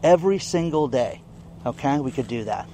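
A man's voice: medium pitch, expressive, moderate pace, background noise. A man giving casual, indignant news commentary in a vlog, often checking in with "okay?". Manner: indignant, emphatic, keeps asking "okay?". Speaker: online commentator.

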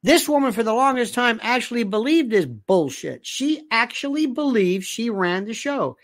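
A sarcastic commentary host tears into the subject of the rant, heaping up insults and rhetorical questions in a loose, rambling flow. The pitch sits in a middle range. The recording is dry and close, with no room sound. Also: animated, moderate pace, no room sound. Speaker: host reading viewer comments. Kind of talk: opinionated commentary monologue.

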